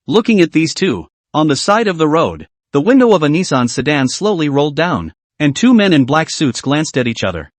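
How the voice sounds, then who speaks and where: Lively dry-voiced male recap narrator. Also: on the high side, dry recording.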